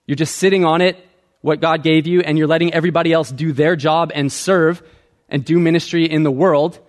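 A man's voice: on the high side, steady tone, a little fast. A man preaching a sermon as pastor, teaching earnestly and checking in with the congregation.

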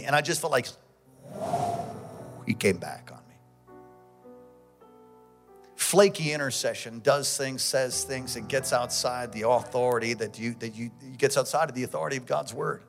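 A man preaching a sermon as pastor, with fervent call-and-response that swings between shouting and quiet storytelling. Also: medium pitch, normal speed, vocal fry, long pauses, faint music behind.

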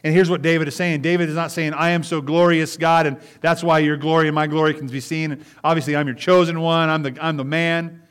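Preaching man with slow, drawn-out scripture. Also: a little high, flat delivery, fairly bright tone, clear, resonant tone. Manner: repeats key phrases, stretches scripture slowly, asks "Amen?". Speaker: pastor. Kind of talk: sermon.

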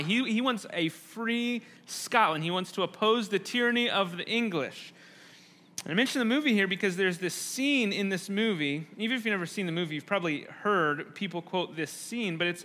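A pastor with a high, sharp voice delivers a conversational sermon. He often restarts his phrases and acts out quoted lines with rising intensity.

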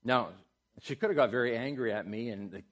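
A middle-aged man preaching a sermon as a pastor, moving between loud, emphatic exhortation and soft, tender prayer. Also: medium pitch, fairly quick.

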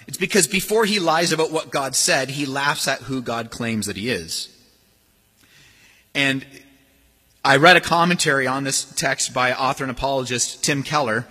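A man preaching a sermon in a church, lively and expressive, mimicking sneering voices as he makes his points. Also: on the high side, husky. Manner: animated, acts out sneering voices. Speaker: pastor. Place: church sanctuary. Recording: long hall reverb.

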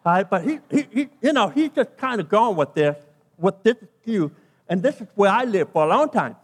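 A British pastor with a high-pitched voice preaches emphatically, repeating his key phrases and stretching words to drive them home. His voice rings with a long reverb through a large hall. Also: sing-song, normal speed. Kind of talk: sermon.

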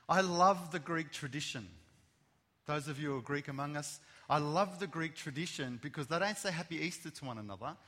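A man preaching an Easter sermon to his church, repeating key phrases with emphasis and turning quiet and low when he prays. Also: long reverb tail. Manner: repetitive, emphatic preaching, softens for prayer. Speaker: pastor. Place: church hall.

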